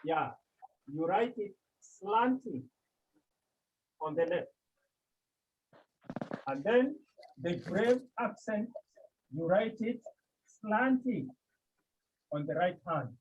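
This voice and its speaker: Slow husky guy teaching a class, repeats stuff, dull lo-fi sound. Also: high voice, expressive, darkish tone. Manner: slow, repeats key terms, explains step by step. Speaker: Greek teacher. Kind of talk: classroom lesson.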